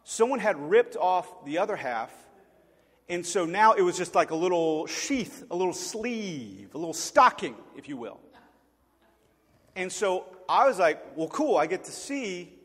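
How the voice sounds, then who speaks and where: Animated preacher in his forties, echoey hall. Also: sits high, unhurried, husky. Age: 40s. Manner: animated, humorous storytelling with acted-out voices. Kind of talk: storytelling sermon.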